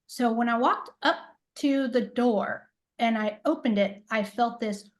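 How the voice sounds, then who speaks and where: A woman's voice: fairly high pitch, a little slow, poor audio. A middle-aged woman telling a personal story in a casual interview, rambling with lots of fillers and acting out what people said. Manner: rambling, filler-heavy storytelling, acts out quoted dialogue. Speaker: interview guest, intuitive coach.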